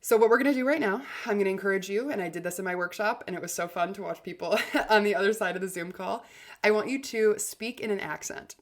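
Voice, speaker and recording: A woman's voice: medium pitch, fast. Upbeat chatty woman podcast host. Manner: upbeat, chatty, heavy use of "like" and "literally". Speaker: podcast host and communication coach. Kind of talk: motivational podcast monologue.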